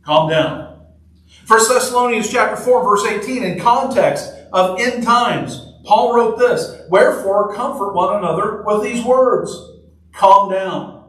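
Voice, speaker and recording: Heard from a distance in a reverberant church hall, this man speaks in a high-pitched, unhurried, fairly bright voice. He's a pastor delivering a sermon in the sanctuary, chatty and joking, driving points home by repeating short phrases.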